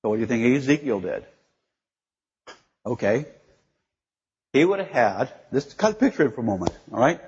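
A man's voice: mid-range voice, big pitch swings, normal speed, long pauses, slightly rough. An older man giving a chatty, informal sermon, acting out voices in the stories and laughing often. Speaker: preacher. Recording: dull recording with long hall reverb.

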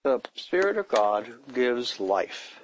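Animated man teaching from the Bible. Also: mid-range voice, slow, a little hiss or hum, low-quality recording. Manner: animated, acts out complaints in a raised voice; conversational, asks the listeners questions. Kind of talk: informal sermon.

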